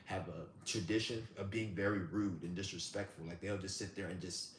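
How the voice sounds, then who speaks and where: A man hosting a live stream who rants and tells stories in a blunt, profane, animated way. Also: deep voice, fairly quick. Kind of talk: ranting storytelling. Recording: roomy with faint background hum.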